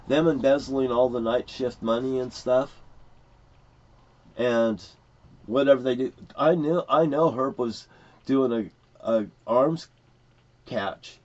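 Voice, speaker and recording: A middle-aged man rambling through a personal story, swearing often and getting worked up as he goes. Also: medium pitch. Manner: profane, excitable, rambling. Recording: dull lo-fi recording.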